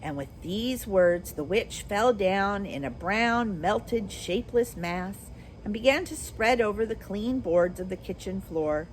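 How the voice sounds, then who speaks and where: A woman teacher reading a children's storybook aloud with expressive, animated storytelling. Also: mid-range voice, takes it slowly, slight background noise, low-quality recording.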